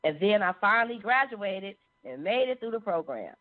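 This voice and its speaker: A woman sharing a personal testimony in an animated storytelling manner. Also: medium pitch, normal speed. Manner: animated, acts out quoted voices. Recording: phone-like narrow sound.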